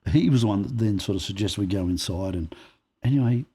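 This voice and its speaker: A man's voice: on the low side, fast talker, slightly rough. A man, a podcast guest, telling personal stories and acting out the dialogue as he goes. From Australia. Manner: animated storyteller who acts out quoted dialogue. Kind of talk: personal storytelling in conversation.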